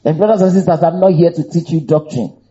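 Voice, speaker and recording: A man preaching a sermon, emphatic and animated. He repeats phrases for emphasis and breaks into shouts and laughs. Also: a little high, fast talker, highs cut off.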